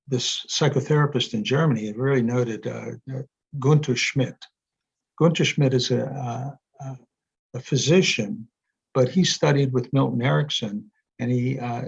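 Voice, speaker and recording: Older male guest, casual storyteller, husky voice, muffled video-call sound. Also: mid-range voice. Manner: rambling anecdotes with many fillers and restarts. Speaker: interview guest, energy psychology author. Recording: dull lo-fi sound.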